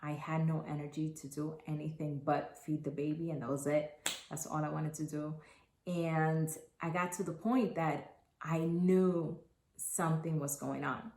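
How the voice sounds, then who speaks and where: A woman in her thirties telling her own story to camera, earnest and halting, with many restarts. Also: sits low, fairly even intonation, darkish tone, slight background noise. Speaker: mother sharing her postpartum story. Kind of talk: personal testimonial to camera. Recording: echoey room.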